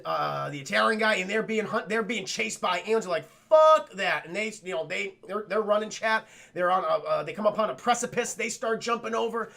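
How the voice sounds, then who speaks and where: A high, gravelly-voiced man gives a casual film review on a livestream. He is excitable and profane, and he keeps talking to his chat. His tone is bright and forceful.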